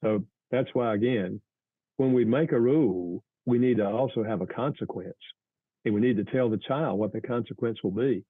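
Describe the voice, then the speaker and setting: An earnest male guest explains family advice in a measured, teacherly way, with a fairly low voice. He speaks over a tinny, phone-like line that sounds dry and close. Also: dry recording. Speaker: author and guest. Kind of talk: advice in an interview.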